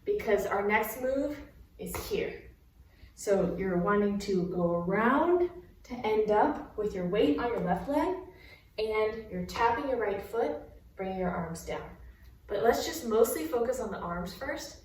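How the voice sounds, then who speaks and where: A woman's voice: mid-range voice, lively intonation, a little slow, far from the mic. A young woman teaching dance in a roomy, echoing space, standing off from the microphone. She takes her time explaining each step, then counts and scats the beats aloud over faint room noise. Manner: breaks into counts and sung beats while explaining moves. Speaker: dance instructor. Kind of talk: counting and scatting through dance steps.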